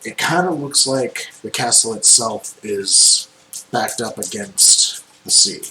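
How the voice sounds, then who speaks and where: A man narrating a tabletop game as its game master, taking his time and pausing on ums as he describes each scene. His voice is bright and forward. He is recorded in an echoey room with a faint hiss of noise behind. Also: lowish voice, lively intonation.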